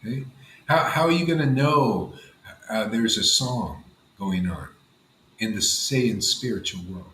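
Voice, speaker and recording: A man's voice: mid-range voice, animated, unhurried, fairly bright tone, roomy sound, slight background noise, rough recording. A man leading a gathering of devotees, giving an informal devotional talk in a rambling, conversational way full of "you know" and "man". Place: room with a gathered group of listeners.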